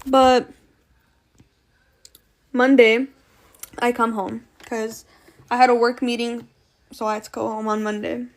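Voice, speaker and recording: A young woman telling a chaotic personal story in a casual, swearing, animated way, acting out what people said. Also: a little high, measured pace, pauses often. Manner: swearing, animated retelling with quoted voices.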